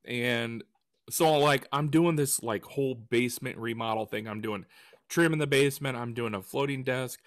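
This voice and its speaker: A man co-hosting a podcast in casual chat, telling stories with lively retellings. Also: mid-range voice, normal speed, no echo, clean studio sound. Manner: animated storyteller who acts out quotes. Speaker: podcast co-host and woodworker.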